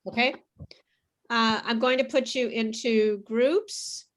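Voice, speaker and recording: A woman teaching English pronunciation in an online class, saying words clearly and patiently for students to repeat. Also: on the high side, fairly even intonation, slow, fairly bright tone.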